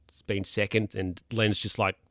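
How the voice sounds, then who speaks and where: A man's voice: on the low side, flat delivery, normal speed, a bit bright, dry recording, studio quality. Rambling man recapping, fillers galore. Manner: rambling, hesitant with many fillers. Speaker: podcast recapper. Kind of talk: casual episode recap. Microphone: handheld or desk mic, bumped by hand.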